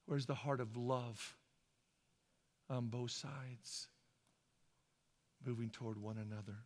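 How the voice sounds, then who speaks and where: A man from Idaho preaching a sermon as a pastor, shifting between hushed, slow passages and loud, fervent ones. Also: mid-range voice, steady tone. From Boise, Idaho. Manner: impassioned, swings from hushed to loud. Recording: long hall reverb.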